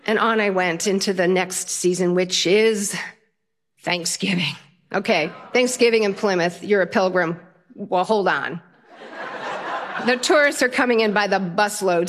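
An older woman, a self-taught storyteller, telling a personal story in a lively, humorous way, her pitch jumping up for punchlines. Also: normal speed. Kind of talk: personal story told to an audience.

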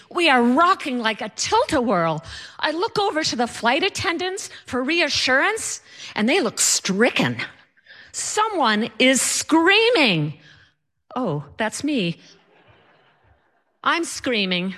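A woman telling a personal story with animated, comic timing. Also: fairly high pitch, slow pace.

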